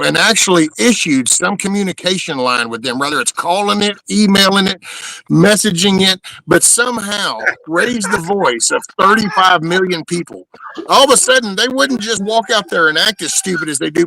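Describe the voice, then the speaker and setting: Bright-voiced ranting American man. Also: sits high, moderate pace, vocal fry, poor audio. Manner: animated, ranting, swears casually. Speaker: podcast host. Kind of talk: casual chat.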